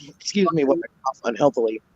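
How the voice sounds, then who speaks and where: A man's voice: medium pitch, animated, moderate pace, slightly rough, dry recording, low-quality recording. A man in his forties chatting casually about astrology and tarot, rambling and joking, laughing often. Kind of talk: casual chat.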